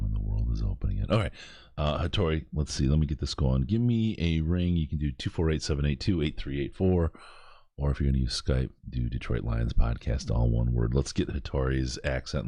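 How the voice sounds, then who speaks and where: A man with an extremely low, deep voice hosts a podcast in easy, laughing chat. His voice sits close and dry on the mic, with no room around it. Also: moderate pace, slightly rough, no room sound. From Michigan. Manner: laughs often, animated storyteller. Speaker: podcast host. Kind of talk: casual chat.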